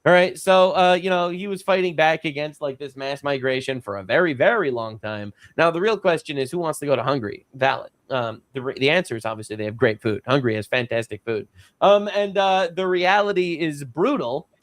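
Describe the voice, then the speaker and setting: A man's voice: fairly high pitch, a little fast, no room sound. A man hosting a podcast, talking casually in a rambling, sarcastic way with many fillers. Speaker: podcast host.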